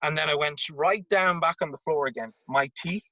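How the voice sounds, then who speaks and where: A man, a tennis coach telling an animated anecdote as an interview guest and acting out the voices in it. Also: a little high, moderate pace, no echo. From Ireland. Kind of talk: casual storytelling. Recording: dull lo-fi remote audio.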